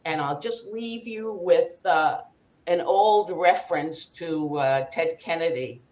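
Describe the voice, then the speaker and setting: A woman's voice: on the low side, slow pace, a little mellow, roomy sound, highs cut off. Brash older Brooklyn woman doing stand-up. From Brooklyn, New York. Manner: brash, bawdy storytelling with Yiddish slang. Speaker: comedian at an open mic. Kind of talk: stand-up comedy set.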